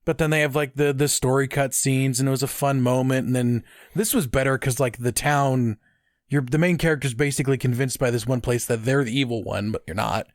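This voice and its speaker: A man chatting casually on a podcast about video games, rambling and animated with many restarts. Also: mid-range voice, brisk, no echo, clean studio sound. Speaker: podcast co-host, streamer. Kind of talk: casual chat.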